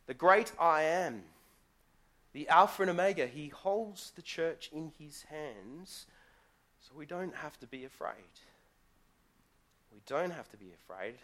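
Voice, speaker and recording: A man's voice: on the high side, expressive, unhurried, pauses often, fairly bright tone. Guest pastor, male, chatty live church sermon full of rhetorical questions. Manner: conversational storytelling with rhetorical questions.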